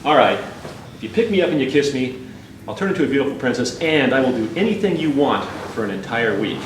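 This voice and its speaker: A man's voice: mid-range voice, expressive, fast talker, close to an everyday voice. A man voicing a talking frog that insists it is an enchanted princess, pleading and getting frustrated. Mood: exasperated. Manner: pleading, growing frustrated and angry. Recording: roomy and distant with background noise.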